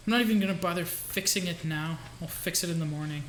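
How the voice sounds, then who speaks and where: Chatty game streamer, bright tone, thanks viewers, recorded with room echo and faint noise. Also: mid-range voice, fast. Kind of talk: casual gameplay stream chat.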